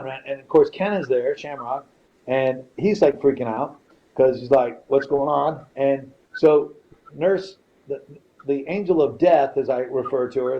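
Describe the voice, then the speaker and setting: A middle-aged man on a podcast, telling a story in casual, profane talk and acting out the people in it. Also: mid-range voice. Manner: profane, animated, quotes people in his stories. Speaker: podcast guest. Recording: slightly dull podcast audio, faint noise.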